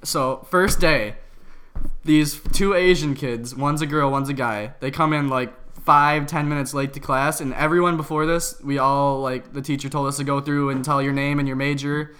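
A man's voice: a little high, steady tone, normal speed, fairly bright tone, clean tone. A young man in his twenties, a podcast co-host, telling a rambling story in casual, slang-heavy chat.

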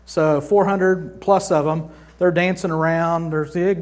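A man preaches in a slightly high voice, mixing chatty humor with dramatic storytelling. He swings between booming declarations and hushed, intimate asides. The delivery is that of a sermon with a conversational feel. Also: normal speed. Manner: dramatic, acts out scripture scenes with big swings from loud to hushed. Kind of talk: sermon teaching.

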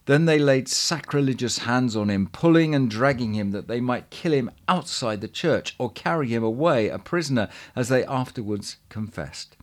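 A man reading an old chronicle aloud in a measured, earnest way, now and then stumbling over a word. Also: medium pitch, animated. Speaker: reader.

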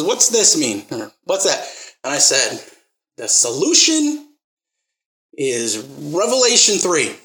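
A man's voice: high voice, sharp tone, roomy sound, poor audio. A man preaching a sermon, telling stories and acting out the quotes, then pressing the listeners with emphatic rising questions.

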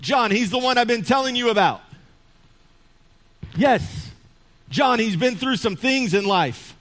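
A man voicing God as a loud, eager heavenly father giving orders to an angel in a comic sermon story. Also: extremely high pitch, lively intonation, unhurried, voice pushed up, exaggerated voice.

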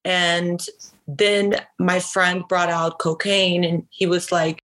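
A woman from Northern California, appearing as a podcast guest, tells a personal story in a chatty way, laughing easily and filling it with "like." Her voice is on the low side, level, slow, and fairly bright, on a low-quality recording.

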